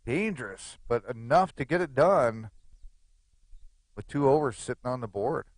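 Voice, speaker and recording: A man's voice: mid-range voice, animated, a little slow, dry recording. A man giving live, chatty play-by-play commentary on a poker game, with joking asides.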